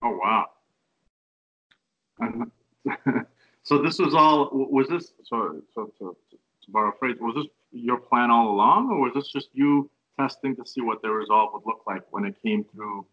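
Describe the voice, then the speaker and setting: A man's voice: medium pitch, animated, a little slow. A man hosting a podcast interview, asking questions and affirming with short interjections. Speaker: podcast host. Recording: dull lo-fi audio.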